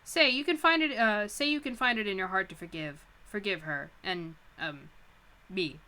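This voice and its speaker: A woman's voice: medium pitch, normal speed, pushed and bright, natural voice. A woman reading aloud, voicing a genteel, insistent middle-aged man who talks in a chatty, persuasive way. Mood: smooth. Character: overly polite, insistent middle-aged gentleman.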